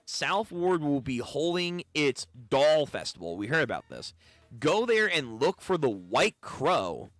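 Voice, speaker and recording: A man voicing a calm, polite male information broker who keeps secrets. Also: a little high, no echo. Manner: smooth, polite, withholding.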